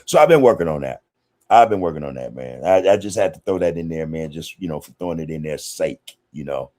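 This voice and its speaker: A man with a very deep, a little mellow voice hosts a casual livestream podcast, talking expressively and fairly quickly. He greets viewers directly and reads their comments, using loose slang with "man" and "you know" in nearly every sentence.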